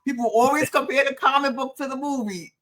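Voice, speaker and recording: A woman's voice: sits high, a little fast, crowd noise. A woman co-hosting a podcast, chatty and candid in casual conversation. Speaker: podcast co-host.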